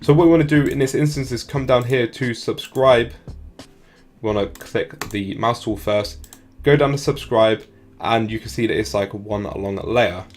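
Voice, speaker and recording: A man talking fast and casually through a software tutorial, often saying "like". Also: medium pitch, faint music behind. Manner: fast, casual, many "like" fillers. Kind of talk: screen-recorded tutorial walkthrough.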